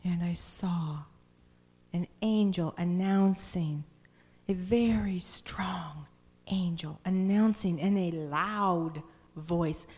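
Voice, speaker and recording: A woman preaching a sermon in a church, reading scripture dramatically and swinging between loud cries and hushed, whispered passages. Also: lowish voice, slow, husky.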